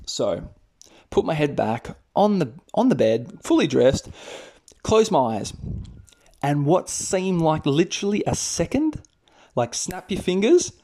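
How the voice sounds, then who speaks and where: An Australian man in his thirties, a podcast host and English teacher, telling a personal story in a chatty, animated way. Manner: chatty, animated, raises pitch for quoted voices. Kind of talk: casual storytelling.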